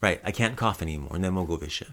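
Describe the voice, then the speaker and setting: Podcast host, male, fairly low voice, casual patient vocabulary drills. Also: quick pace, fairly bright tone. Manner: patient, repeats words for the listener to echo. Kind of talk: casual language lesson.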